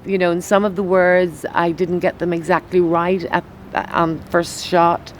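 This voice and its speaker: A woman's voice: lowish voice, unhurried, slight background noise. A woman in a documentary interview, recalling events and acting out the dialogue as she tells it. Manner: animated storyteller acting out quoted dialogue. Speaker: singer interviewee.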